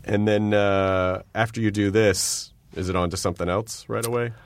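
A man's voice: on the low side, fairly even intonation, moderate pace, dry recording. A man hosting a podcast interview in casual chat, easygoing and joking. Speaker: podcast host.

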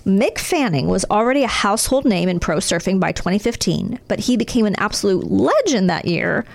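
A woman co-hosting a casual chat show, reading out a news story and breaking off into playful jokes. Her pitch is moderate but bounces around a lot, which gives her delivery a lively, animated feel. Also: fairly quick, creaky. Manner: joking, playful asides, laughs often. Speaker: podcast co-host.

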